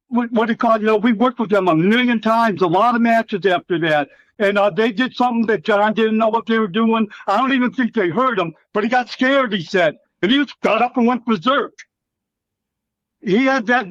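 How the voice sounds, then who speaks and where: A man's voice: sits high, a bit bright, no room sound. A middle-aged man, a former wrestler, telling rambling, profanity-laced stories in a casual interview and acting out what others said. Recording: slightly dull, dry recording.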